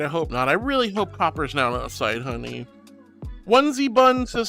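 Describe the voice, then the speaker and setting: Bubbly high-voiced male streamer. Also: big pitch swings, normal speed, pushed and bright, soft background music. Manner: affectionate, bubbly, calls viewers sweetie and honey. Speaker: VTuber streamer. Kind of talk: live stream chat reading.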